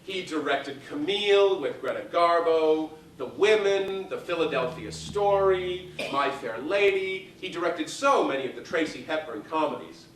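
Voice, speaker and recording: A man performing a one-man show, telling gossipy stories on a live theater stage in a lively, theatrical manner. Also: on the high side, moderate pace, hardly any pauses, slight background noise. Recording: echoey theater from far off.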